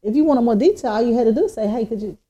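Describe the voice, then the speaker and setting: A woman co-hosting a podcast, talking in a casual, animated way and acting out quoted speech. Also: a little high, very fast, husky, dull audio. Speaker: podcast co-host. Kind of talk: casual chat. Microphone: podcast microphone.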